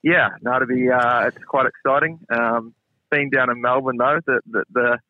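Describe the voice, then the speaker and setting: A man's voice: mid-range voice, steady tone, no room sound. New Zealand man on a tinny phone line. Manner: modest, measured, many fillers. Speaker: racing stable hand, guest. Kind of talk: phone interview.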